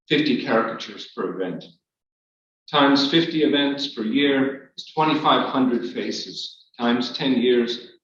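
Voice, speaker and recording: A man reading his memoir aloud to an audience, in a measured, wry storytelling manner. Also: medium pitch, fairly bright tone. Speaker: author reading his work. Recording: echoey hall, distant, dull.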